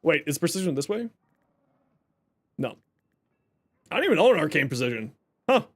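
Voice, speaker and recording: Very animated, with a fairly high pitch and moderate pace, a young man chats casually with his stream's viewers. He jokes, reads out chat messages, and explains the build he's using.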